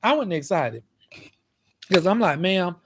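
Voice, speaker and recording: A man hosting a show, telling a comic story in a sassy, animated way and speaking straight to the audience. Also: high-pitched, normal speed, a little hiss or hum. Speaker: show host.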